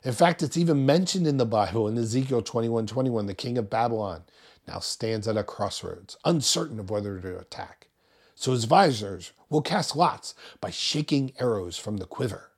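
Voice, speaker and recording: A man in his forties preaching a sermon as pastor, humorous and animated, laughing at his own jokes. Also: mid-range voice, moderate pace, slightly rough.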